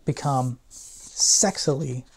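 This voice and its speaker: Taking his time, a male professor with a medium-pitched, creaky voice delivers a classroom lecture irreverently and with humor, adding slang asides and performing quoted passages dramatically. The recording carries a little hiss or hum.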